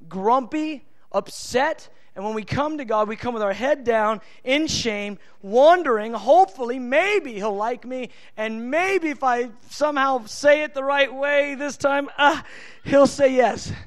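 A man preaching a sermon with a strikingly high voice for a man. He is impassioned and emphatic, and drops into casual, everyday asides between lines of scripture.

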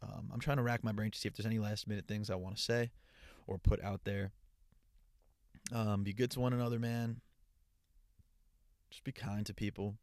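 A man's voice: lowish voice, fairly even intonation, normal speed, long pauses, darkish tone, no echo. A young man hosting his own podcast alone, rambling casually in a stream of consciousness into a portable travel mic. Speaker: podcast host. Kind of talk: casual solo podcast monologue.

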